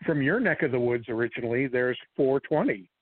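A man co-hosting a casual podcast chat, blunt and quick to react, swearing freely. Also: medium pitch, expressive, a little hiss or hum. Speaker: podcast co-host. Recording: dry, phone-like line.

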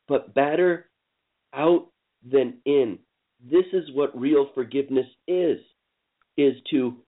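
A man leading a guided forgiveness session on a call, speaking slowly and soothingly with lots of repetition. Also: medium pitch. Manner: slow, soothing, repetitive coaching. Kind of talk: guided emotional healing session. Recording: tinny phone-line audio.

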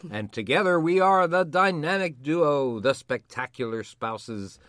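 Older male doctor-host, theatrical and jokey, animated pitch, dry booth. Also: unhurried, dry recording. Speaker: podcast co-host, medical doctor. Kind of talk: playful podcast banter and promo pitch.

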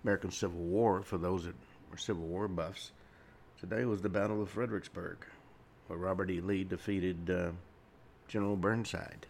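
A man hosting his own radio talk show, rambling through history notes with many pauses and fillers, speaking from a studio. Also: low-pitched, steady tone, vocal fry, darkish tone, slight background noise. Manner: rambling, with frequent uh fillers and restarts. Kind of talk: solo radio talk monologue.

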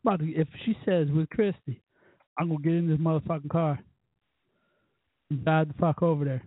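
Guy rambling drunk on his show, swears a ton, husky voice, tinny phone-ish dry sound. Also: on the high side, level tone, brisk, no room sound. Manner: profane, rambling, loud bursts. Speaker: podcast host. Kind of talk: casual drunken storytelling.

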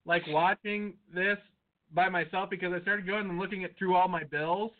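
High-voiced man ranting, tinny sound. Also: fairly even intonation, normal speed. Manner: ranting and profane. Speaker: podcast co-host. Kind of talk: casual chat. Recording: tinny phone-like audio.

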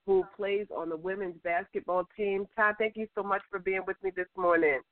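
A woman's voice: mid-range voice, steady tone, fairly quick, no room sound. A woman hosting a faith-based talk radio show. She is upbeat and repeats words for emphasis. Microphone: phone. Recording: tinny phone line.

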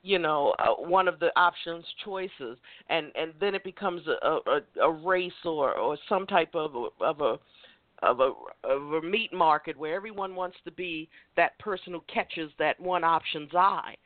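A woman's voice: deep voice, normal speed, dry recording. Motivational woman host on a dry phone line. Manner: encouraging, motivational, stumbles and repeats words. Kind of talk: casual chat.

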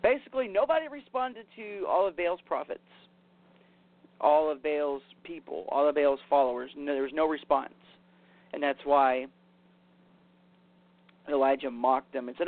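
This is a casual sermon with scripture reading, heard over a tinny, phone-like line in a dry recording. The man's voice is on the high side, at a moderate pace with frequent pauses, and he paraphrases scripture chattily with "basically" and "you know."

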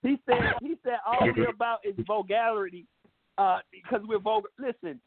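A man's voice: high voice, normal speed, no room sound. A man hosting a casual call-in radio show, laid-back and laughing, repeating his phrases. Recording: tinny phone-like line, dry.

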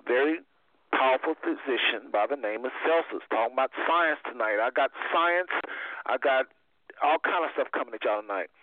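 A man's voice: mid-range voice, expressive, moderate pace, dry recording. A man hosting a call-in Bible study, who teaches emphatically and repeats his key phrases. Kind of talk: preaching Bible teaching over a phone line. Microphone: phone line. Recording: tinny dry phone line.

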